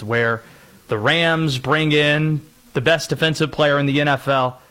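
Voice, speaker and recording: A man hosting a sports show, introducing segments in a steady, measured way. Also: on the high side. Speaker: host.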